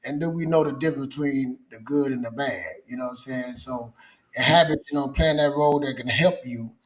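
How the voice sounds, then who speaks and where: A man's voice: medium pitch, a little fast. A man co-hosting a podcast in an easygoing chat, often tagging his sentences with filler phrases. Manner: easygoing, keeps saying "man" and "you know what I'm saying". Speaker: podcast co-host. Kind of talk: casual chat.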